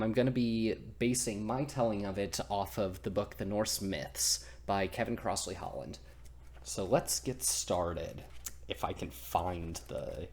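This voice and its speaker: A man with a fairly low, darkish voice retells a myth as a comedy in a casual, goofy way. A storyteller and channel host, he rambles along and keeps interrupting himself.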